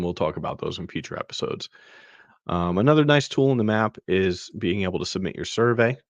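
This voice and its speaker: A man's voice: sits low, dry recording. A man hosting a podcast, casually walking through a web map with many fillers and restarts. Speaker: podcast host. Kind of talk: casual screen-share walkthrough.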